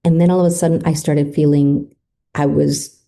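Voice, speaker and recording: A woman's voice: low voice, flat delivery, normal speed, creaky, mellow. A woman guest on a podcast, emotionally retelling a personal story and acting out what people said. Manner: emotive retelling, acts out quoted speech.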